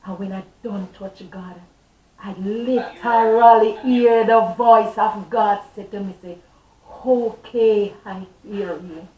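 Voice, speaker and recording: A woman's voice: mid-range voice, steady tone, takes it slowly, warm tone. A middle-aged woman, a guest on a talk show telling her testimony with fervent, emotional storytelling. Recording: roomy echo, distant mic, faint ambience.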